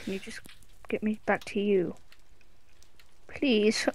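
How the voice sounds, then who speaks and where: A woman's voice: mid-range voice, steady tone, slow pace, pauses often, slight background noise. A woman chatting and joking while playing a video game, giggly and interrupting. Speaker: co-player in the game.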